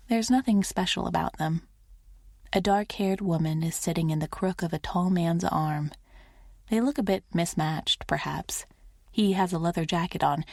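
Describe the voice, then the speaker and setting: A woman narrating a first-person romance audiobook in a soft, intimate reading. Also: fairly low pitch, no room sound, studio quality.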